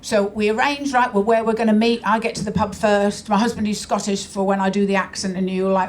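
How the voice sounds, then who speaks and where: A woman's voice: mid-range voice, little pitch movement, a little fast, hardly any pauses, slight background noise. A middle-aged woman performing a stand-up comedy routine in a brash, conversational, mock-exasperated way on a club stage. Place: comedy club stage before a laughing audience.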